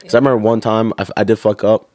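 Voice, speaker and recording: A young man telling stories in a casual chat, animated and swearing, acting out drill instructors. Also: fairly low pitch, very fast, dry recording, clean studio sound. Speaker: guest.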